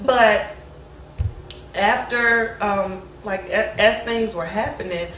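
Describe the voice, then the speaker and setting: In a slow, mid-range, slightly bright voice, a woman reflects on her late mother during a candid family talk, laughing now and then between thoughts. The audio sounds roomy, with a distant mic and faint hiss.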